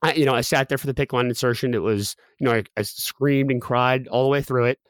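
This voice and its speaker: A man in his thirties, a podcast guest, telling a personal story quickly with many restarts and fillers. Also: medium pitch, no echo. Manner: rapid, with frequent restarts and fillers.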